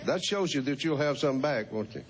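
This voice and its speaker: Chuckling frequently, a fifties-aged male host has a folksy, teasing conversation with kids on his show. He speaks at normal speed in a mid-range voice with lively intonation.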